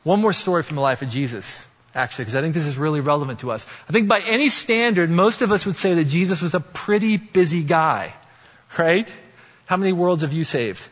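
A man's voice: fairly high pitch, animated, a little fast. A male pastor giving a conversational sermon, often checking in with the congregation with "right?". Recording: dull sound with long reverb.

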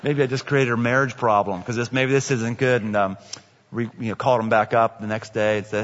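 A man's voice: medium pitch, a little fast. A man preaching a sermon as a pastor, telling stories conversationally and repeating key phrases for emphasis. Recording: echoey hall, dull lo-fi sound.

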